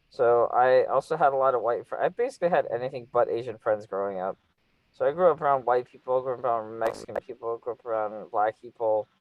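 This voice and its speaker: A man's voice: medium pitch, no room sound, lo-fi sound. A man from Los Angeles hosting a casual chat, blunt and joking, who swears freely. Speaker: interviewer, channel host.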